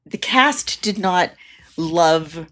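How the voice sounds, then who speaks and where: Woman, lively swooping pitch, casual podcast chat, laughs often. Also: extremely slow. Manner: animated, laughing, dramatic quote delivery. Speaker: podcast co-host.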